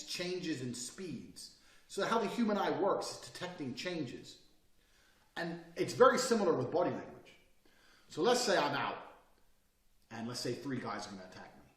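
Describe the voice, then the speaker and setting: A man giving a blunt, profane motivational talk, often dropping from loud to quiet. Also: mid-range voice, roomy sound, distant mic. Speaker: speaker giving advice.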